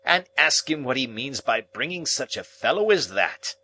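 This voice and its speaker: A man voicing a stern, bullying older lawyer in an audiobook reading, barking harsh, forceful commands. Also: mid-range voice, big pitch swings, unhurried, slight background noise, voice pushed up.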